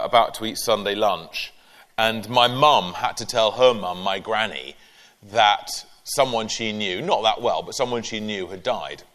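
Author-storyteller, man; bright, animated read-aloud and chat; echoey live hall. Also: lowish voice, smooth. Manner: expressive, playful storytelling. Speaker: author reading his own book. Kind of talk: storybook reading, then interview answers.

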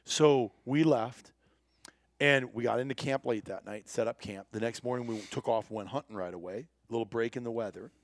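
A man with a medium-pitched voice tells a hunting trip story in casual chat at a moderate pace, with no echo. He's an animated storyteller who acts out the voices of the people he quotes.

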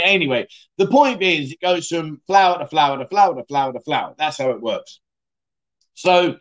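A man's voice: on the high side, a bit bright. A middle-aged man hosting a casual livestream, chatty and matey as he rambles and reads out viewer comments. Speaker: livestream host.

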